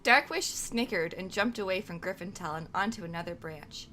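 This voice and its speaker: A woman's voice: lowish voice, normal speed, sharp tone, a little hiss or hum. A young woman from Canada playfully reading aloud her own old role-play narration.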